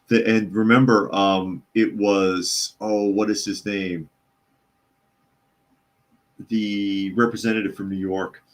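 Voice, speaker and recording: A man with a low, deep voice hosts a casual live news talk podcast. He reads chat comments aloud and answers them in a sarcastic, opinionated way. His delivery rambles, with fillers and repeated phrases. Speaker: podcast host.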